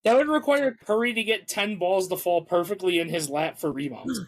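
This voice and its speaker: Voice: medium pitch, animated, fairly quick, gravelly, low-quality recording. A podcast co-host running a sports guessing game from home, teasing and drawn out in reactions. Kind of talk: casual chat.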